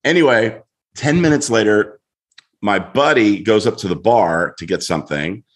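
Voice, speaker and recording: A middle-aged man, a guest on a show, telling a story in an animated way and acting out voices as he goes. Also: on the low side, normal speed. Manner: lively, acts out voices in his story.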